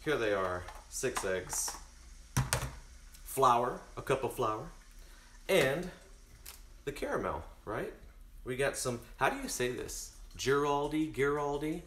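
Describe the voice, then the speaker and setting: A cooking stream host talks directly and chattily to viewers as he cooks live at home. His mid-range, fairly bright voice swings widely in pitch, moves slowly with frequent pauses, and sounds reverberant.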